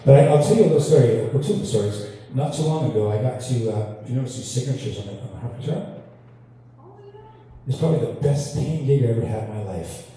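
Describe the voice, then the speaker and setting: A man's voice: mid-range voice, quick pace, dark tone, slight background noise. A man from Canada telling chatty, self-deprecating stories between songs to an audience in a hall, laughing along as he goes. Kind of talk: on-stage storytelling banter. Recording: echoey hall, distant mic, faint ambience.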